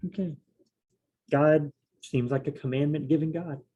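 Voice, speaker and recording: A man's voice: on the high side, steady tone, unhurried, mellow, slightly rough, dull audio. A man studying scripture aloud on his own, reading verses and then paraphrasing them in a loose, fumbling way, often correcting himself. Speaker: solo Bible study host.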